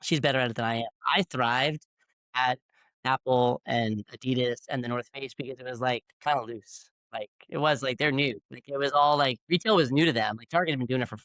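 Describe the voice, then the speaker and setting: A man's voice: medium pitch, brisk, fairly bright tone, no echo, rough recording. A man in his forties, a bagel shop founder, telling stories to business students in a casual, rambling way with many fillers. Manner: chatty, many fillers and restarts. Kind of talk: casual storytelling talk. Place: university classroom.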